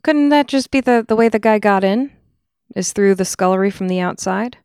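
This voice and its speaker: A woman's voice: mid-range voice, darkish tone, clear, resonant tone, no room sound, clean studio sound. A woman co-hosting a true-crime podcast, joking wryly and questioning the theories in casual chat. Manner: wry, joking, quick to question. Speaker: podcast co-host.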